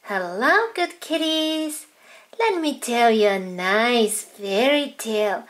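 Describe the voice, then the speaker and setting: A woman's voice: fairly high pitch, lively intonation, takes it slowly, a bit bright. A woman voicing dolls in a toy-play video, in a childlike, sing-song way. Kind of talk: toy play with doll voices.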